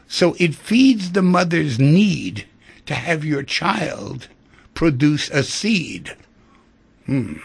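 A man hosting a talk radio show with a gravelly, husky voice. His pitch swoops up and down a lot. He muses out loud and sometimes sinks almost to a whisper. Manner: musing, rhythmic, drops to near-whispers. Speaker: radio host. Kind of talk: casual talk radio chat.

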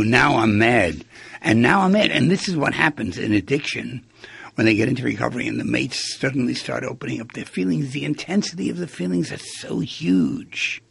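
Male talk host, very gravelly and raspy, dry close mic, reflective monologue. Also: medium pitch, fairly bright tone, no room sound. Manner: musing, asks rhetorical questions, acts out quoted lines.

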